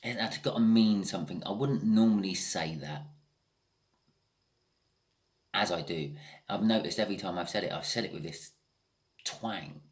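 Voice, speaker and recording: A man with a low voice gives a casual tarot reading at normal speed, pausing often. He thinks aloud, frequently restarts, and throws in the odd swear word.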